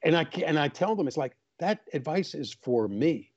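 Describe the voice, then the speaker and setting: Older man, dark mellow voice, earnest. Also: on the high side, expressive, moderate pace, dull audio. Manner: earnest, storytelling, acts out voices in anecdotes. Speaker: author and guest. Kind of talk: casual interview chat.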